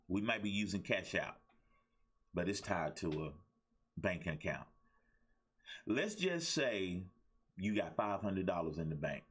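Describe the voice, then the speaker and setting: Male motivational host, husky, sermon-like repetition, lively pitch. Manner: preachy, repetitive, call-and-response asides. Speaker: life coach and talk show host. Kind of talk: motivational livestream talk.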